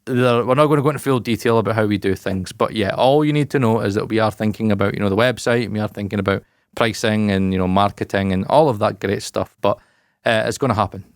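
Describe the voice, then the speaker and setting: Rambling man with a low voice. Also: fast talker, dry recording, studio quality. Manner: loose, rambling, swears and laughs a lot. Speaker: podcast co-host. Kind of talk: casual podcast chat.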